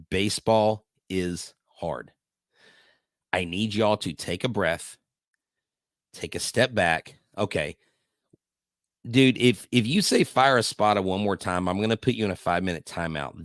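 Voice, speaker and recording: Fired-up lower-voiced man ranting. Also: no room sound, clean studio sound. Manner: animated, lecturing listeners. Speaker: podcast co-host. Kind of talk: fired-up sports podcast rant.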